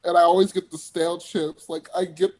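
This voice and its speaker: A man's voice: high voice, flat delivery, fairly quick, darkish tone. A young man, a singer guest, telling stories in a casual interview chat and laughing often.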